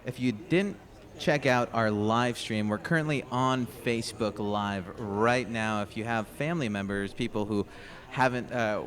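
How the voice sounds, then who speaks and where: A man's voice: fairly low pitch, unhurried, few pauses. A young man announcing a street parade outdoors on a radio feed, upbeat and chatty with a joking manner. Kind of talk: live event commentary.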